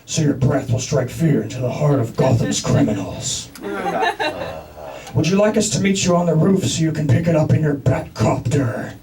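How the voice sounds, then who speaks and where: A man voicing a brooding male superhero in a low, gravelly growl, taking a pizza order over the phone. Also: normal speed, distant mic, crowd noise, close to an everyday voice. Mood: gruff deadpan.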